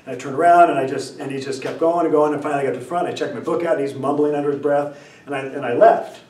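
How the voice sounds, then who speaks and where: A man lecturing and telling a story, acting out the dialogue, often clearing his throat. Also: fairly high pitch, racing, slight background noise. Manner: animated, acts out dialogue, frequent throat clearing. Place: lecture room. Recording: roomy lecture hall from far off.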